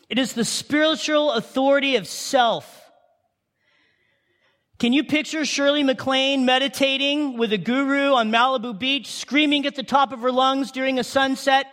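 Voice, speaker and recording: A man preaching a sermon, animated, with rhetorical questions, sudden shouts and hushed asides. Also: very high voice, moderate pace. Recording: long hall reverb.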